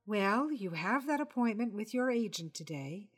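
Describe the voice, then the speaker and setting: A dry, distracted wife who brushes off her husband, as a woman reads her in a story. Her tone is offhand and teasing. Her voice sits at an ordinary middle pitch. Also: animated, moderate pace, slightly rough. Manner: offhand, dismissive.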